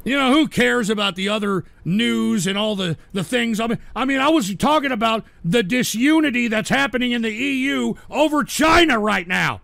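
A man's voice: very high voice, expressive, moderate pace, gravelly, few pauses, fairly bright tone, no room sound. A man hosting a livestream show, reading viewer donations and ranting at trolls with irritable, profane outbursts. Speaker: host.

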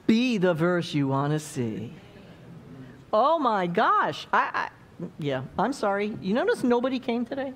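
A woman delivers a sermon in a church with a lively, bouncing voice that rises and falls a lot. She talks at an unhurried pace, playful and chatty, slipping into little acted-out quotes. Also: medium pitch, background noise. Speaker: preacher.

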